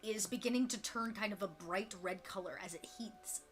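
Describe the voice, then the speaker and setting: A woman's voice: mid-range voice, normal speed, a bit bright, faint music behind. A woman narrating a tabletop role-playing game as game master, in a loose, chatty way with many fillers.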